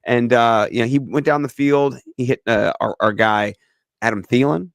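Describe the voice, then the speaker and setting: Middle-aged man, animated fantasy football co-host. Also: medium pitch, normal speed, creaky, no echo. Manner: animated storyteller who acts out other people's voices. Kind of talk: casual chat.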